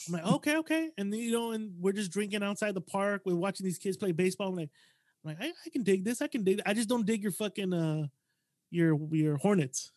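A man's voice: high-pitched, brisk, a little mellow, dry recording, clean studio sound. A man hosting a podcast, telling a story in a casual chat with lots of swearing and animation.

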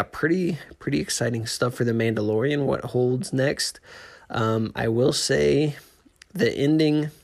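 A man hosting a casual solo podcast, talking in a rambling, excitable way with frequent restarts. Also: lowish voice. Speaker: podcast host.

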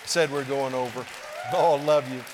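A middle-aged man preaching to his congregation, his mid-pitched voice earnest and pleading. He circles back to his phrases again and again. The long reverb of the sanctuary trails after each line. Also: fairly even intonation, moderate pace, crowd noise, noisy background. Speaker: pastor. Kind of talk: sermon. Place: church sanctuary.

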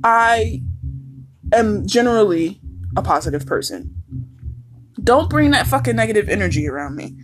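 A woman's voice: medium pitch, lively intonation, moderate pace, long pauses, a little hiss or hum. A woman hosting a podcast, talking casually in a blunt, swearing, emphatic way. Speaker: podcast host. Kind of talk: casual monologue.

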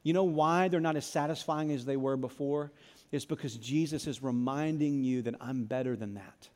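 A man preaching a sermon, telling a Bible story in an animated way and acting out the dialogue. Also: mid-range voice, normal speed, long reverb tail. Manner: animated storytelling, acts out biblical dialogue with repeated phrases. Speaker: pastor.

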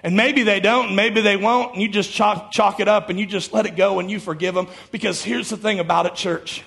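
High-voiced gravelly preaching man. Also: steady tone, brisk, a bit bright. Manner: emphatic preaching with call-and-response to the congregation. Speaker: pastor. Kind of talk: sermon. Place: church sanctuary before a congregation.

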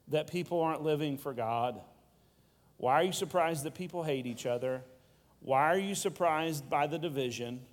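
A man's voice: on the high side, in a large hall. A male pastor preaching a sermon with rhetorical questions and playful asides.

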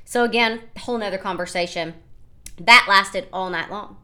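A woman in her thirties from the United States, hosting a podcast and telling a personal story in an animated, rambling way, often quoting what others said. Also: mid-range voice, moderate pace. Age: 30s. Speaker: podcast host. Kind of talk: casual storytelling monologue.

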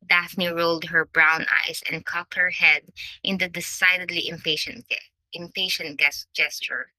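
Bright-toned woman narrating a novel. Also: lowish voice, level tone, a little slow, dry recording, low-quality recording. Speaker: audiobook narrator.

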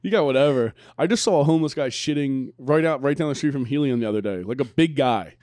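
A man, hosting a casual comedy podcast, crude and quick to laugh. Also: mid-range voice, a little mellow, no room sound, studio quality. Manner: joking, laughs often, crude. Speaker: podcast host.

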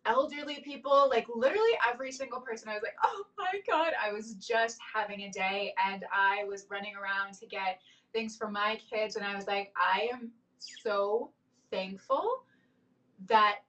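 A woman's voice: mid-range voice, moderate pace, a bit bright, recorded from a distance, low-quality recording. A woman in her thirties hosting a casual chat, telling stories in an effusive, emotional way. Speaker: host.

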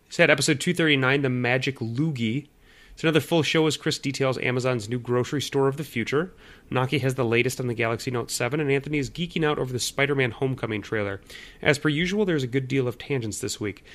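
A man's voice: medium pitch, fast, fairly bright tone. Upbeat man reading show listings. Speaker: podcast co-host. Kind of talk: casual podcast chat.

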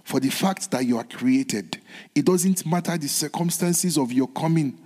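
A man's voice: on the high side, moderate pace, breathy edge. Man preaching in a reverberant hall. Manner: earnest, repeats phrases, moves between soft whispered lines and raised ones. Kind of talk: sermon.

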